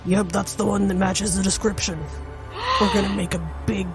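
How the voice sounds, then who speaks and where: A woman's voice: medium pitch, fairly even intonation, normal speed, close to an everyday voice. A woman voicing a blunt, threatening street thug in a tabletop role-playing game, with music playing behind. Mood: menacing. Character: gruff menacing street thug.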